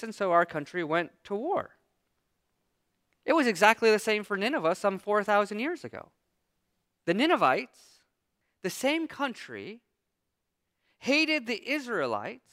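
A man's voice: high-pitched, no room sound, clean studio sound. A man preaching a sermon, who acts out a biblical figure's angry complaints in a raised voice. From United States. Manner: animated preaching, acting out Jonah's complaints in a raised voice. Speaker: pastor.

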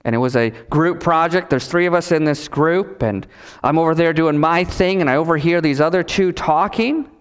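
A male pastor preaching a sermon, emphatic, with repetition and dramatic pauses. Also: on the high side, smooth. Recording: reverberant hall.

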